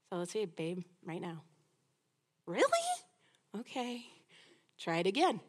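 A middle-aged woman teaching a women's Bible study lesson in a lively, conversational way, acting out little quoted exchanges as she goes. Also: high voice.

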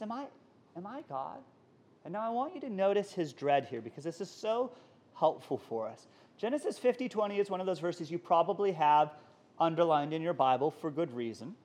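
A man's voice: high-pitched, slight background noise. A man teaching a college Sunday school class on a Bible passage, talking conversationally and acting out the quoted lines. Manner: conversational, animated, acts out quotes.

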